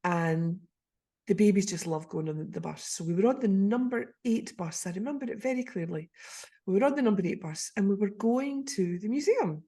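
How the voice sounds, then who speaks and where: Brief: older Scottish woman, podcast host, husky voice, warm effusive storyteller. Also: mid-range voice, moderate pace. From Scotland. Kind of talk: casual storytelling chat.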